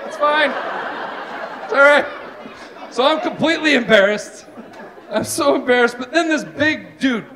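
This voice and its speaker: High-voiced guy doing stand-up, super lively, crowd laughing loud behind him. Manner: animated, self-deprecating, lots of asides. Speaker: stand-up comedian. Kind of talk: stand-up comedy. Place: live venue with stage. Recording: live show with loud crowd. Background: audience laughing.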